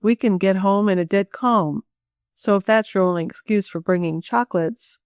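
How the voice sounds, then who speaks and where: A woman voicing a cheerful, confident young girl in a storybook reading, speaking in a lively, joking way. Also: mid-range voice, normal speed, clean tone, dry recording, studio quality, close to an everyday voice. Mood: jolly.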